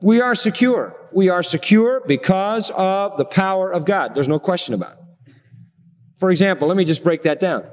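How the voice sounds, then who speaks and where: A middle-aged man preaching a sermon, slowing down for emphasis and asking the congregation rhetorical questions. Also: high voice, lively intonation, long reverb tail.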